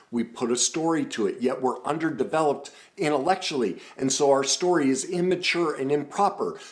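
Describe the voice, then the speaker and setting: A man working as an emotional coach, leading a guided self-reflection talk in an earnest, emphatic way and steering the listener with questions. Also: medium pitch.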